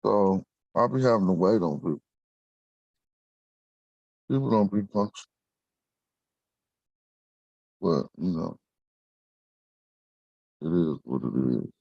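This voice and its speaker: A man's voice: lowish voice, darkish tone, no echo, lo-fi sound. A man hosting a casual video call chat, talking in a laid-back, slangy, talkative way. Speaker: host of a video call show.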